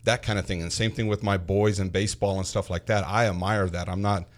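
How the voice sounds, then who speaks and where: Man, lowish voice, lively anecdote-telling parent and coach, stumbles over repeated words. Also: brisk. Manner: animated, repeats words, acts out quotes. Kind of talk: casual storytelling chat.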